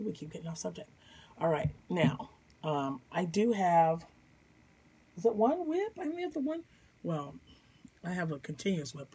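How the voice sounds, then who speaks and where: A woman's voice: sits low, darkish tone, slight background noise. A woman hosting a crochet vlog from home, chatty and enthusiastic, rambling about her projects with a Midwestern American accent. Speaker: crochet podcast host. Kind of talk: casual chat. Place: home room.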